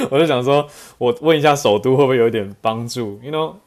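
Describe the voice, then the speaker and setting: A man teaching a class, telling anecdotes in an animated way and mixing in English. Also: medium pitch, quick pace. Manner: animated storytelling, switching between languages, frequent laughs and fillers. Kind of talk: bilingual classroom lecture with anecdotes.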